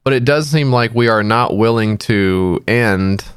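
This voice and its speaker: A man's voice: on the low side, a little slow, smooth, no echo, studio quality. A man co-hosting a casual movie review podcast, sarcastic and jokey, slipping into silly voices to mock lines. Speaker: podcast co-host.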